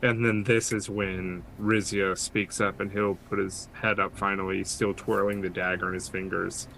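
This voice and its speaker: A man's voice: sits low, flat delivery, normal speed, creaky, pushed and bright, a little hiss or hum, low-quality recording. A man narrating his character's actions and speaking in character during a tabletop role-playing game. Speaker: tabletop player.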